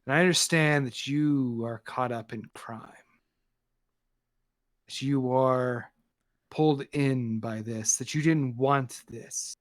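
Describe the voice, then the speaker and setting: A man doing Scarlet Scorpion, a hushed noir vigilante woman. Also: natural voice. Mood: stern. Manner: low, hushed and measured. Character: Scarlet Scorpion, a hard-edged female vigilante in a noir city.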